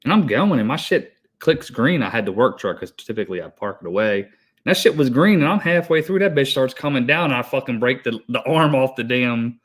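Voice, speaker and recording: A man's voice: medium pitch, expressive, fairly quick. A man in his thirties, an HVAC technician co-hosting a podcast, telling a rambling story in a hyper, breathless way with lots of swearing. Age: 30s. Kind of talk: casual chat.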